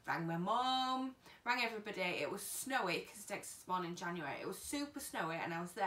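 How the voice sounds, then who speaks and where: A woman's voice: on the low side, expressive, a little fast, hardly any pauses, a bit bright, distant mic. A young woman telling a personal story to camera in a chatty way, acting out what others said. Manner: chatty, acts out what people said. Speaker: vlogger. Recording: echoey room, voice a bit off-mic.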